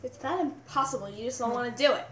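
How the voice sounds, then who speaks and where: A young woman co-hosting a casual on-camera chat with a friend, bossy and teasing, with bursts of loud exclamations. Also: a little high, fast talker, a little hiss or hum. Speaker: co-host.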